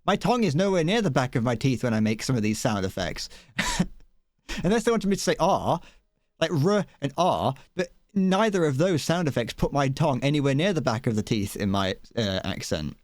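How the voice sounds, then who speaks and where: A young man with a British accent chatting casually on a live gaming stream, his pitch bouncing up and down as he rambles. He talks in a self-deprecating way, close to the mic, in a dry, dead room. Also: sing-song, moderate pace, dry recording. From Britain.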